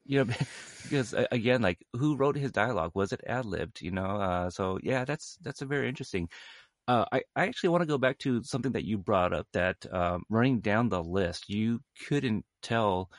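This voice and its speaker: A man in a casual film discussion, talking haltingly with many fillers and restarts. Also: lowish voice, lively intonation, no room sound, studio quality.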